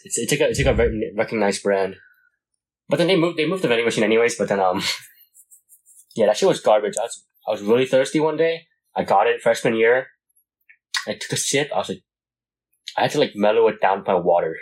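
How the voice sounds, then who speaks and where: A man's voice: lowish voice, animated, brisk, pauses often, breathy edge, rough recording. A young man in casual chat, rambling with many fillers and laughs.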